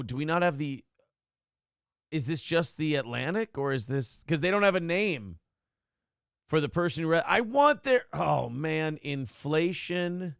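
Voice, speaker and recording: A man co-hosting a talk show, ranting in a sarcastic, animated way. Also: on the high side, gravelly, clear, resonant tone, no echo, studio quality. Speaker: co-host. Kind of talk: casual chat.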